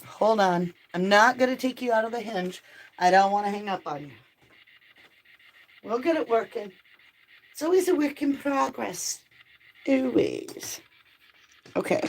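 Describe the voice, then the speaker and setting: Still out of breath from the stairs, a woman hosting a live tarot and spirit box stream chats casually and apologetically with viewers while fiddling with her equipment. Her voice is on the high side, creaky, and unhurried, with lively intonation and frequent pauses, recorded roughly on a phone.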